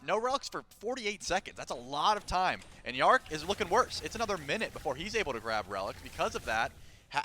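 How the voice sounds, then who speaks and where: A man giving analytical color commentary on an esports match, laughing at the highlights. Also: sharp tone, a little hiss or hum.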